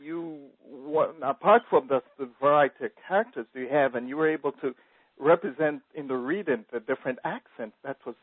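Husky male host on a phone-like line. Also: mid-range voice, a little fast, dry recording. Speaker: radio host. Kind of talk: radio interview. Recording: dry, phone-like radio line.

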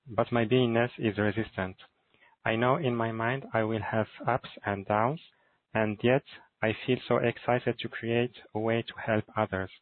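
A man hosting a live call who reads out audience questions in a halting, polite way with many filler pauses. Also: lowish voice. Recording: dry tinny phone-like call audio.

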